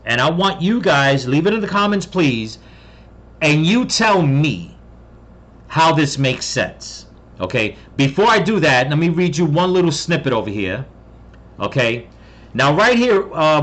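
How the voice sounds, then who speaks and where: A man from the US talks through a trade story in a loose, rambling way, stopping often to check in with a quick "okay?" and trailing off as he hunts for his place on the page. His voice sits a little high for a man, and he reads the quoted passages in the same plain conversational tone. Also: fairly bright tone. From United States. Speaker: commentator. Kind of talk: casual commentary reading an article.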